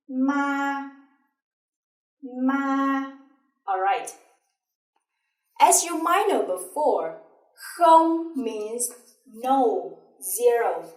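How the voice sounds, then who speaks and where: A woman teacher with a Vietnamese accent, slowly explaining and demonstrating tones syllable by syllable. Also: a little high. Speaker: language teacher. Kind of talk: slow, deliberate language lesson. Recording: echoey room, a bit far from mic.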